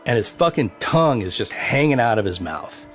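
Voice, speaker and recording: A man tells a crude road story for a documentary, his pitch rising and falling in a lively way. His swearing storytelling runs over faint music behind him. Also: moderate pace. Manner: animated, profane anecdote telling. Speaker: band member.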